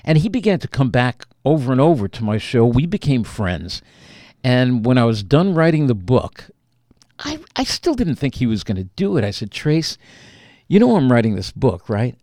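A man telling a personal story as an author being interviewed, animated and acting out the lines he quotes. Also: medium pitch, normal speed, dry recording, studio quality.

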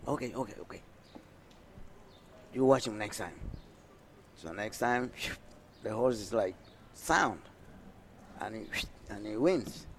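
A man's voice: on the low side, a little hiss or hum. An older man from Panama with a Panamanian Spanish accent, a retired jockey telling stories in an interview. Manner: animated storytelling, trailing off quietly. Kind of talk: reminiscing interview.

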